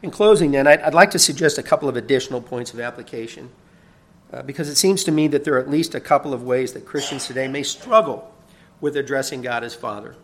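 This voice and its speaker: Gravelly-voiced man preaching a sermon. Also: mid-range voice, fast, a little hiss or hum. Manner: earnest preaching with rising emphasis, occasional chuckles and repeated words. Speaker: pastor.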